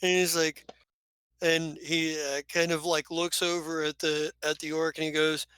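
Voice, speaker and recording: A man's voice: a little high, little pitch movement, measured pace, sharp tone, clear, resonant tone, dry recording, rough recording. A man narrating as game master of a tabletop game, rambling loosely with fillers.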